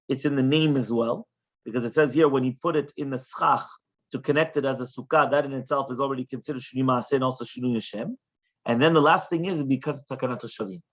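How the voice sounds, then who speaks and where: A man, a rabbi, teaching a Talmud class in an animated way, often checking in with questions. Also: mid-range voice. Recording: dull lo-fi recording.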